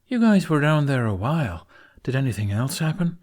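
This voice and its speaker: A man's voice: medium pitch, big pitch swings, a little fast, darkish tone, voice pushed up. A man reading an audiobook, voicing a playful, impish young spirit who teases everyone. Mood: teasing. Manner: teasing, playful.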